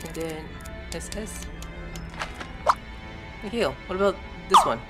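A man's voice: high-pitched, lively intonation, slow pace. A man giving casual let's-play commentary, reading on-screen text aloud, spelling out words letter by letter, and swearing when surprised. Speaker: gameplay streamer. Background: game music.

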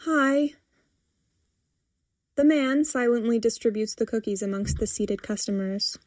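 Woman narrator, wry measured reading, higher voice. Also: warm tone, no room sound, studio quality. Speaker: story reader. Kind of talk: scripted narration.

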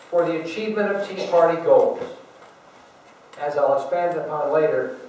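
Male guest speaker, high-pitched, emphatic speech delivery, distant mic in a very echoey meeting hall. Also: a little mellow. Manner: emphatic, rhetorical asides to the audience. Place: large meeting room.

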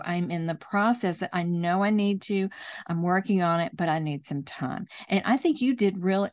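A woman hosting a chat, calmly explaining forgiveness in a measured, teaching way. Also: lowish voice. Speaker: host, Christian speaker.

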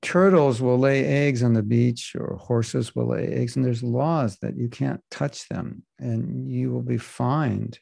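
A man teaching a scripture class in a gravelly, mellow voice. He talks in a loose, joking way and drifts off on side remarks. The sound is dry and close. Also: mid-range voice, steady tone, slow, few pauses, no echo. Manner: casual, joking, digressive. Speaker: spiritual teacher. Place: class in Florida.

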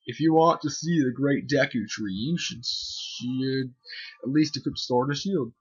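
A man reading game text aloud as a bratty, boastful forest boy, taunting in a husky voice. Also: medium pitch, unhurried, lo-fi sound.

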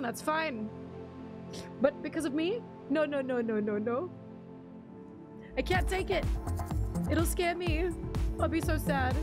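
A young woman streamer chatting casually with her live chat, giggly and talkative, reading out viewer names. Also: high-pitched.

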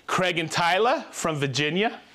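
A man's voice: a little high, lively intonation, normal speed, bright, forceful tone. A man hosting a live stream, cheerfully reading out viewers' names and hometowns, joking and stumbling over hard names. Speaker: host of a live tool stream. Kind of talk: reading out viewer shout-outs.

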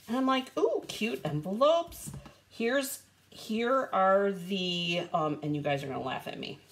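A woman hosting a casual live stream, chatting bubbly and greeting viewers by name while showing craft supplies. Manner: lively rising and falling pitch.

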